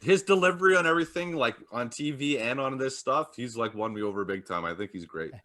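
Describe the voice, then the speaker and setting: Guy co-hosting a podcast, bright sharp voice, says like a lot, really into it. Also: mid-range voice, lively intonation, fast talker. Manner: fillers with "like", enthusiastic praise. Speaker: podcast co-host. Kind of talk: casual chat.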